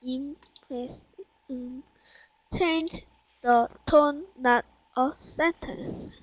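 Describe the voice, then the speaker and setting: A woman learning English on a video call, hesitant and sounding out words with many pauses. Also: high voice, fairly even intonation, a little hiss or hum. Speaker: English student.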